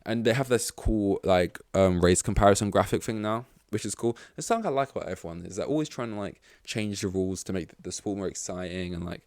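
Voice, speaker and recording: A man's voice: fairly low pitch, brisk, few pauses, a little mellow, dry recording, studio quality. A man hosting a podcast in casual chat, rambling with lots of fillers and swearing. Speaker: podcast host.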